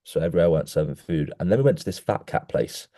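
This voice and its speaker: Young podcast host, low-pitched, animated rambling storyteller, dry close sound. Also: male voice, quick pace, dry recording. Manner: animated storyteller, many restarts, keeps saying "mate". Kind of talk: casual chat.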